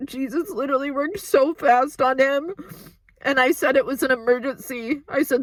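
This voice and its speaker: A tearful woman speaks into a phone she holds in her hand, her voice sitting a bit high. She breaks off and restarts her sentences, sounding overwhelmed as she cries. The sound is dry and close. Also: moderate pace, no echo. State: tearful, crying. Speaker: vlogger. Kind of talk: emotional personal update. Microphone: phone held in hand.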